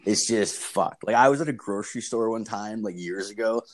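A man's voice: on the low side, normal speed. A young man co-hosting a casual podcast chat, rambling through stories and swearing constantly. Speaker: podcast co-host.

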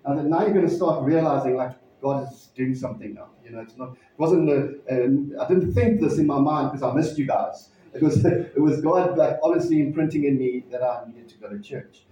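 A pastor telling a personal story in a sermon, conversational and halting, with frequent restarts. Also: male voice, mid-range voice, mellow, slight background noise. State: emotional, near tears. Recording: distant mic in echoey hall, dull sound.

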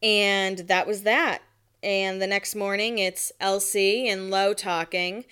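A woman's voice: medium pitch, steady tone, slow, fairly bright tone, clear, resonant tone. A woman in her twenties recapping a reality show in casual chat. She swears often and acts out the quotes. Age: 20s.

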